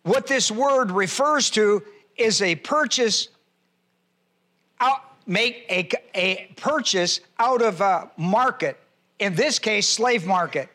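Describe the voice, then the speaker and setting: High, bright-voiced male preacher teaching. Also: animated. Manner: spells out words and cites scripture references in a teaching tone; repeats key phrases slowly for emphasis. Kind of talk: sermon teaching.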